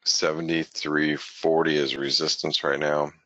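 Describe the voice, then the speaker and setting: A man's voice: a bass voice, flat delivery, a little slow, pushed and bright, dry recording, lo-fi sound. A man hosting a webinar, giving casual live market commentary in a rambling way that keeps correcting itself and restarting. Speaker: forex market analyst, webinar host.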